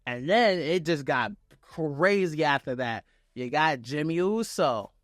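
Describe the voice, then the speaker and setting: A man giving a casual, excitable and profane reaction review, retelling a wrestling show blow by blow. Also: on the high side, measured pace, no room sound, clean studio sound, faint music behind. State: on vacation.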